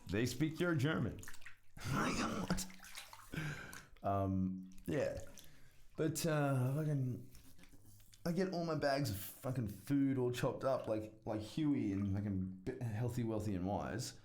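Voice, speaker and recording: Rambling and self-deprecating, a male vlogger chats to camera, swearing nonstop and cracking himself up. His mid-range voice has a darkish tone, slow with long pauses, and the room is echoey with a little noise.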